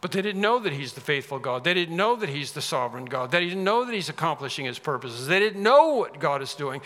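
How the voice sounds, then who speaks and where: A man preaching a sermon in a bright, fairly high voice that carries a lingering reverb from a large church hall. He presses his points hard and repeats key phrases, each time with more force. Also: very animated, brisk, few pauses.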